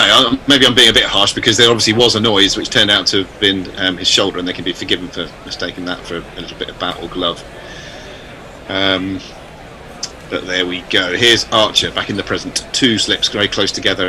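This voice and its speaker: A man giving chatty, measured ball-by-ball cricket commentary. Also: deep voice, noisy background. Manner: measured, chatty, self-deprecating.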